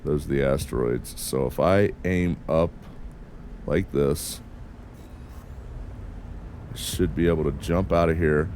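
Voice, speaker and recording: Speaking slowly with long pauses, a man with a rumbling low, gravelly and somewhat mellow voice gives casual commentary on a space game he's streaming. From the United States, he has a mixed accent, neither northern nor southern, and mutters and swears to himself and his chat as he flies. Slight background noise is present.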